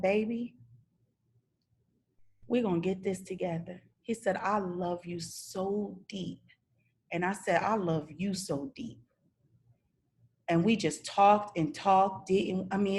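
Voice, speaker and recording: A middle-aged woman hosting a live coaching session, telling a candid, confessional story. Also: on the high side. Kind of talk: live-stream coaching talk.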